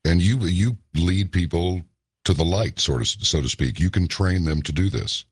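A man's voice: low-pitched, normal speed, husky, dry recording, clean studio sound. A man hosting a late-night radio interview, asking questions and giving short encouraging reactions. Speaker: radio host.

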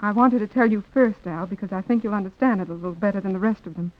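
A woman's voice: medium pitch, fast talker, natural voice. A woman playing an earnest young woman in love. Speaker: actress in a radio drama. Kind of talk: 1940s radio acting. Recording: tinny old radio recording.

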